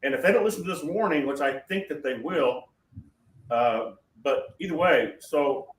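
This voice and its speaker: A man's voice: fairly high pitch, animated, moderate pace. A man hosting a prophetic talk show, answering questions in a rambling, emphatic way with many restarts over a call. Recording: roomy sound from far off the mic.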